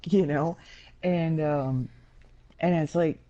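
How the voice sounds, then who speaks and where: Woman podcast co-host, mellow voice, blunt and profane, lo-fi recording. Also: low-pitched, unhurried. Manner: candid, blunt and profane storytelling. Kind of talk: casual podcast chat. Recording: dull lo-fi sound.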